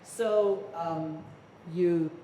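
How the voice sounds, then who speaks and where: Low, slow-speaking woman interviewer. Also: steady tone, dark tone, slight background noise. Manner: slow, measured questions with fillers and short affirmations. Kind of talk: onstage interview. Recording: echoey hall.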